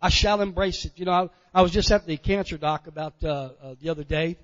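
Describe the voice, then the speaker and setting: The sermon comes at a fairly quick clip from a man whose voice sits high for a male pastor; he keeps saying amen in a homey way and rises loudly on key phrases. Muffled, dull audio carries a long church echo.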